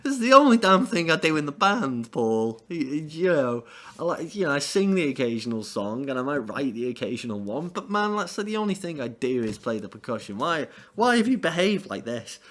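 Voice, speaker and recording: A man puts on a hurt, indignant drummer who pitches his voice up high and louder than usual to plead his case. The complaint comes out as a wounded, pleading whine. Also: big pitch swings, moderate pace. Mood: aggrieved. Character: upset, indignant male rock drummer.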